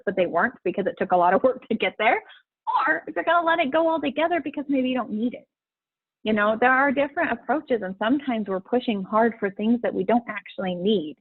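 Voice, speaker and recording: A woman's voice: fairly high pitch, no echo. Woman, middle-aged, life coach, casual live-stream talk, encouraging, dry close sound. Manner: chatty, encouraging, laughs often. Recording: husky voice over a tinny phone-like line.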